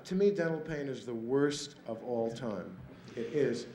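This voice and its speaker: A man's voice: medium pitch, unhurried. A man in his thirties doing an observational stand-up routine, wry, building bits out of mimicked sounds and voices. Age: 30s. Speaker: stand-up comedian. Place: comedy stage before a live audience. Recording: roomy hall with loud crowd and noise.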